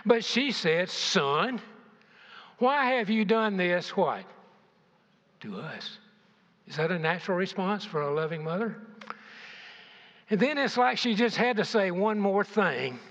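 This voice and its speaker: A man's voice: sits high, very animated, a little slow, long pauses, a bit bright. Older man preaching in an echoey hall. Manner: rhetorical questions to the congregation, varied emphasis. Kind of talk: sermon. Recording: dull, echoey church hall.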